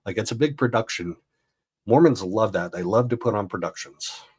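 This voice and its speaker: A man's voice: lowish voice, lively intonation, normal speed, slightly rough. Chatty man reacting to a video. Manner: chatty, incredulous, rambling. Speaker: host. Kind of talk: casual commentary reacting to a video.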